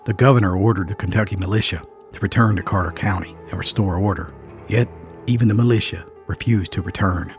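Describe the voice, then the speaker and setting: A man's voice: deep voice, brisk. A man narrating a dramatic mountain feud story, building suspense with folksy, emphatic asides. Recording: faint music underneath.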